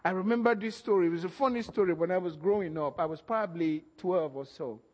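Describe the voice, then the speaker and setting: A high-voiced man preaching a sermon, telling his stories with animated energy and frequent laughter. His voice carries a long reverb, as in a large hall. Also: fast, muffled recording. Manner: animated storytelling, laughs often, acts out voices. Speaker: pastor.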